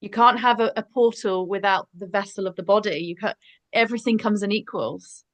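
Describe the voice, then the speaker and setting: A woman's voice: medium pitch, brisk, a bit bright. A woman who works as a midwife, talking enthusiastically and emphatically in a casual group discussion.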